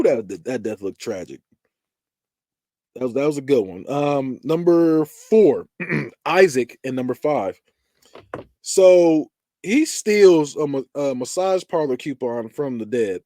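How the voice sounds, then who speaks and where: A man with a mid-pitched voice talks through horror movie deaths in a loose, casual recap. His pitch swings widely as he acts out quotes and screams. The sound is dry and close, with no room around it. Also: dry recording. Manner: animated, acts out quotes and screams, laughs often. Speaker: podcast host.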